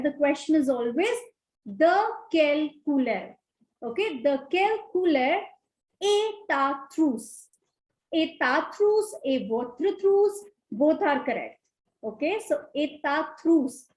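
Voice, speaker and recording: A woman's voice: high-pitched, darkish tone, reverberant, low-quality recording. A woman teaching a French grammar lesson, patient and repetitive, checking in with "okay" after each point.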